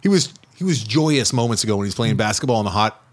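A man's voice: lowish voice, expressive, quick pace. A man in his thirties co-hosting a casual podcast, telling stories about his young son, laughing often and acting out the kid's lines. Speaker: podcast co-host. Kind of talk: casual chat.

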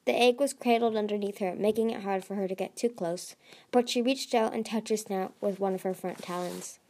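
A woman's voice: medium pitch, steady tone, fairly quick, a little mellow. A woman reading a dragon fantasy novel aloud as an amateur narrator, with frequent slips and restarts.

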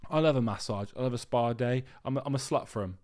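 A man's voice: medium pitch, quick pace, a little mellow. A young man co-hosting a casual podcast, telling stories animatedly, swearing freely and mimicking other people. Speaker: podcast co-host.

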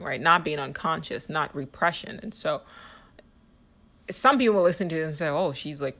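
A woman's voice: low-pitched, fairly bright tone. A woman hosting her own podcast, talking in a heated, rambling monologue full of "like" fillers. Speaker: podcast host. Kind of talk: casual monologue.

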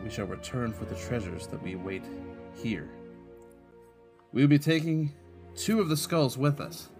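A sixteenth-century Spanish explorer, as a game master puts him on in a hammy Spanish accent, recounts his journal solemnly over background music. The voice sits fairly low, and each entry is read in a steady, measured way. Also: natural voice. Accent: put-on Spanish accent.

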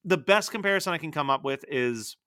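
A man co-hosting a podcast in casual pop culture chat, animated and full of "like" fillers. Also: a little high, a little fast, clean tone, no room sound, studio quality. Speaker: podcast co-host.

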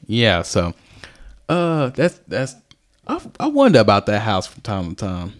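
A man in hosts a relaxed podcast conversation. His voice is lively and swings widely in pitch, leaping high on questions. He talks in a loose, rambling way. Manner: loose, rambling, quick jumps in pitch when asking. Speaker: podcast host. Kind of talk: casual chat.

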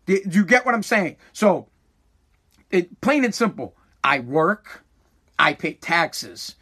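A man rants bluntly and profanely in casual talk. His voice sits high. It sounds husky. He speaks with heat. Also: big pitch swings, slow pace, sharp tone. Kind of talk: casual political rant.

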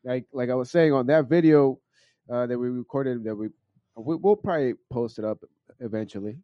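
A man co-hosting a podcast in casual chat, laid-back and high, swearing often and stumbling over his words. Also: normal speed, dry recording. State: high from smoking. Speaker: podcast co-host. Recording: dull dry lo-fi sound.

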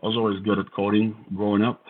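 Bulgarian-accented man in his thirties, wry podcast guest, husky voice over a thin phone-like connection. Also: lowish voice, little pitch movement, fast talker. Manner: wry, self-deprecating storyteller. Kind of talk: casual storytelling interview.

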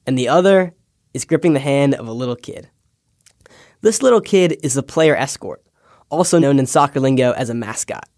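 A young man, a podcast intern, reading a scripted personal essay with wry, deadpan asides. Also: medium pitch, no echo, studio quality. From United States. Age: young adult.

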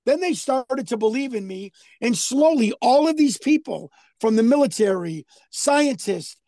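Excitable guest guy, really high voice, repeats himself a lot, super dry close sound. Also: measured pace, dry recording. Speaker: podcast guest. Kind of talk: casual chat and storytelling.

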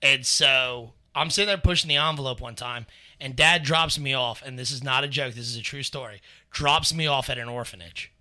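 Bright-voiced man telling stories. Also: mid-range voice, normal speed. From Northern Kentucky. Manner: animated, acts out quotes, laughs often. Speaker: podcast co-host. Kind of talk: casual storytelling chat.

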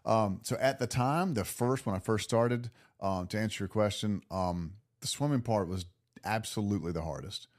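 Lively low-voiced man telling a story. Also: normal speed. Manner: animated, laughing, lots of restarts and acted self-talk. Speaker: podcast guest, drummer. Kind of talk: casual storytelling interview.

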